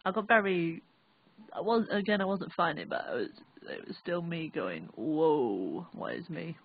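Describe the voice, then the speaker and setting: A young woman with a Northern English accent, recalling an experience in a halting, rambling, sweary way. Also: lowish voice, big pitch swings. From England. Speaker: vlogger. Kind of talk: casual first-person recollection. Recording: dry, tinny phone-like audio.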